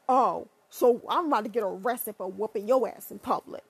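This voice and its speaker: High-voiced woman in a profane rant. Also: fairly quick, few pauses, husky. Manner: blunt, profane and sarcastic; animated, with sudden pitch jumps. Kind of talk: ranting monologue.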